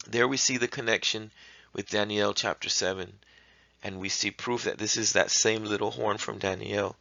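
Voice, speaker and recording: A man's voice: lowish voice, steady tone, normal speed, gravelly, bright, forceful tone, no echo. A man reading Bible verses aloud and explaining them in a teaching, stopping to correct his misreadings. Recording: dry, muffled lo-fi recording.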